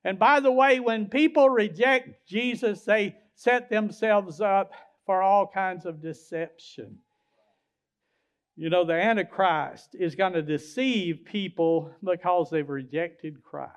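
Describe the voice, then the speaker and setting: A man pastor preaching a sermon, swinging from loud hollering peaks down to low, quiet drops. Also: takes it slowly, smooth.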